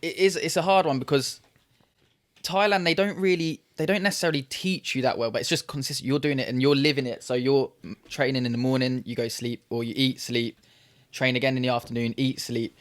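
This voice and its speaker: A man's voice: mid-range voice, fairly even intonation, fairly quick. A man in his twenties with a Luton English accent, a podcast guest telling his story in loose, casual chat with swearing and restarts. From England. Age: 20s. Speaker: podcast guest, Muay Thai fighter.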